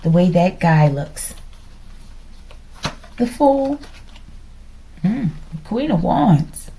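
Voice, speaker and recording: A hyperactive woman talks her way through a tarot reading, thinking out loud. Her pitch swings widely from phrase to phrase, and her voice has a mellow, darker tone. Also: sing-song, takes it slowly, vocal fry, a little hiss or hum, poor audio. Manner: hyperactive, musing aloud, keeps saying "collective". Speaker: tarot reader.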